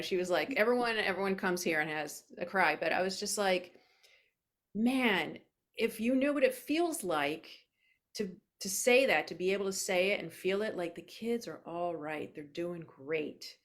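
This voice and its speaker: Woman host telling a heartfelt story, chatty, mid pitch. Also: normal speed. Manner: warm, emotional, chatty storytelling. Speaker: podcast host. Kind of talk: casual interview.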